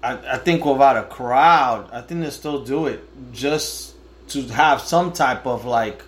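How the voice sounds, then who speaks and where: A man's voice: medium pitch, measured pace. A man co-hosting a podcast, chatting easily and swearing casually. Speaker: podcast co-host. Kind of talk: casual chat.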